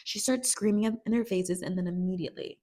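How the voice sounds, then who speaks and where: A woman giving a casual episode recap, retelling the plot in an animated, storytelling way. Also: medium pitch, fast talker. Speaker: TV recap vlogger.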